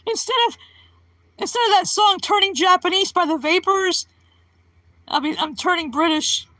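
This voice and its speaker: A woman's voice: extremely high pitch, moderate pace, bright, forceful tone, dry recording. A woman live streaming, chatting casually with her viewers in a rambling, giggly way and laughing often.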